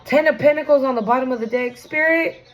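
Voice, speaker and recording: Speaking briskly in a high voice, a tarot reader addresses the camera directly in a casual, foul-mouthed, no-nonsense reading. She's animated, with frequent exclamations and a habit of asking viewers "right?"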